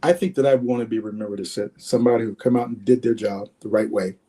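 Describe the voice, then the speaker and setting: A man in his sixties, a former football player and guest, telling stories in a lively way and often repeating words. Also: lowish voice, quick pace. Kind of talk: animated storytelling.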